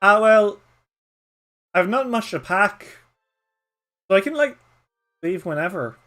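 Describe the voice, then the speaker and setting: A polite, nervous young man with an Irish accent, speaking higher and a little hesitantly, as a man puts him on. Soft music plays behind him. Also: animated, slow, full character voice. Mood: eager.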